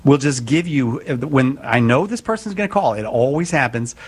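A chatty male radio host runs a live call-in show. He jokes with callers and throws in quick asides. His voice sits in an ordinary middle pitch. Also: animated, husky.

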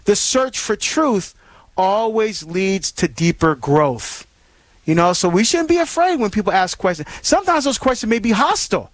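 A man's voice: high voice, very animated, moderate pace, no echo. A man hosting a call-in radio show, preaching earnestly and rambling with many fillers and restarts.

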